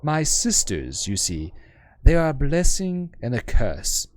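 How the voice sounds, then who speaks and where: A man's voice: mid-range voice, wildly swooping pitch, takes it slowly. A man voicing a serene, formal woman scholar with careful, precise diction in a game. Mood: measured, gracious.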